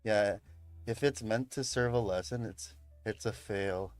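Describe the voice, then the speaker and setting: This young man from the Chicago area, USA, has a lowish voice and talks a little slowly while telling a story on a livestream. There's no room sound, just soft background music, and he swears a lot, laughs often and uses "bro" and "man."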